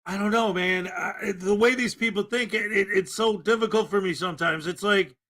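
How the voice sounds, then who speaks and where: A man's voice: high voice, normal speed, fairly bright tone. A man hosting a commentary show, ranting with exasperated disbelief about a clip he just played. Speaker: commentary host.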